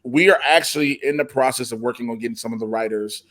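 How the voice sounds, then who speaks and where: A man co-hosting a casual TV review show, talking in an animated, slangy way and often laughing. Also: medium pitch, quick pace.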